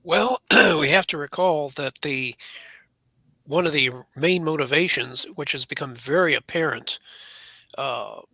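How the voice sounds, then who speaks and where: A radio panel guest with a very sharp, tense edge to his voice. There is gravel in it and a husky rasp. The sound is dry and close, and he speaks in a measured, analytical way. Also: a little high, dry recording, poor audio.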